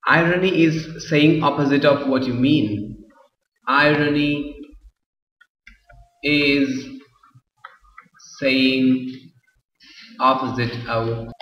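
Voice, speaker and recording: A man teaching an English literature class, explaining slowly and often repeating himself. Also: mid-range voice. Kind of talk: classroom lecture. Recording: roomy echo, far from the mic, dull lo-fi sound.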